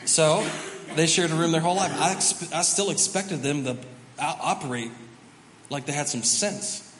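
A man, the pastor, telling a family story during a sermon, animated and self-mocking. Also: fairly high pitch, normal speed. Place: large church auditorium. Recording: reverberant hall, faint background noise.

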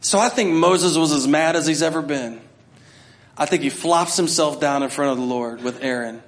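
A man's voice: on the high side, moderate pace. A middle-aged man preaching a sermon to his church, talking conversationally and acting out scenes. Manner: conversational preaching, acts out voices, builds to shouting. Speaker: pastor.

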